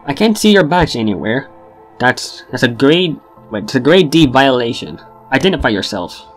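A man's voice: medium pitch, big pitch swings, normal speed, faint music behind. A man voicing a bossy young male ship bartender who talks like a drill sergeant, barking orders in an officious way. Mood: stern. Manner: barking, officious, then chummy.

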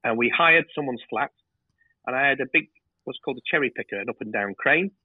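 A man, a TV director, telling lively stories in a casual interview and swearing freely. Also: mid-range voice, fairly quick, slightly rough, dry recording. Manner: animated storyteller, swears freely. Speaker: TV director, guest. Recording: tinny phone-like line.

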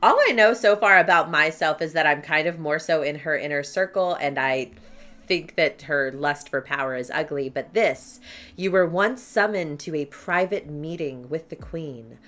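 A woman playing a tabletop storytelling game with friends, talking in an animated, gleeful and playful way. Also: sits low, normal speed. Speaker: player.

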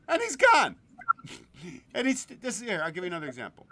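A man's voice: extremely high pitch, huge pitch swings, quick pace, pauses often, bright, forceful tone. A man hosting a podcast in a crude, joking casual chat, laughing often. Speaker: podcast host.

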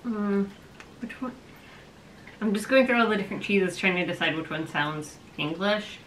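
A woman's voice: medium pitch, expressive, normal speed, fairly bright tone, slight background noise, low-quality recording. A woman hosting a casual trivia game on her vlog, laughing often and teasing playfully. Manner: giggly, playful.

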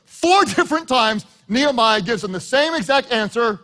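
A man's voice: extremely high pitch, animated, moderate pace, pushed and bright. A pastor preaching a sermon to his congregation, emphatic and playful, drawing the audience into call-and-response.

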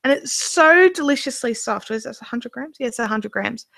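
A woman's voice: on the high side, animated, normal speed, sharp tone, no room sound. A woman, a yarn vlogger gushing in casual show-and-tell chat, full of restarts. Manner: gushing, chatty, many restarts. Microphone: handheld mic near camera.

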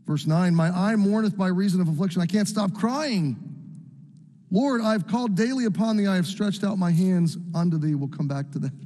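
A man's voice: high voice, fast, few pauses, mellow. A man preaching a sermon, reading scripture and acting out the psalmist's cries with a rising voice. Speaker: pastor. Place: church sanctuary. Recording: echoey hall with long reverb.

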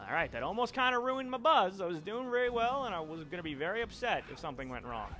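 A young man narrates his own gameplay in a bright, lively voice that swings widely in pitch. He is casual and quick to swear, bursting into excited shouts when caught. Faint background noise sits under the recording, and his voice is a little higher than most men's. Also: faint music behind. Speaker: let's play commentator.

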